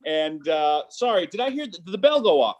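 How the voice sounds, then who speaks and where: Male stand-up comic on a video call; high voice, halting delivery, lots of ums. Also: sing-song, highs cut off. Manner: halting, stammering delivery with many fillers. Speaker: stand-up comedian. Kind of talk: stand-up set on a virtual show. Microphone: computer mic on a video call.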